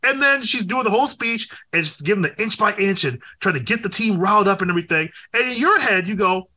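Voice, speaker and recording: A young man co-hosting a podcast in casual chat, animated and profane, with loud exclaims. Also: sits high, fast talker. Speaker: podcast co-host.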